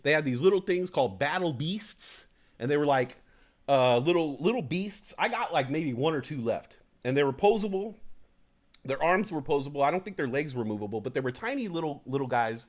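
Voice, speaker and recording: A man hosting a live stream in casual chat, rambling and animated, swearing freely. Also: on the high side, brisk. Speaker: host.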